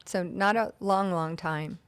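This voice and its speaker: A woman who works as a county deputy, a guest on a talk show, telling warm and heartfelt stories from her work. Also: fairly low pitch, a little slow, clear, resonant tone. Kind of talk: storytelling in an interview.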